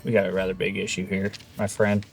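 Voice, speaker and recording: A low-pitched man at a game table, talking bluntly and swearing without fuss. Faint music runs behind him. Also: monotone, quick pace. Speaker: player. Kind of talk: casual chat at a game table.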